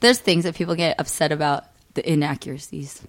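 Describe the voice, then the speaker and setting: Animated woman from California chatting. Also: low voice, fairly quick. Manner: animated, laughs often, quotes people in character. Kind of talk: casual chat.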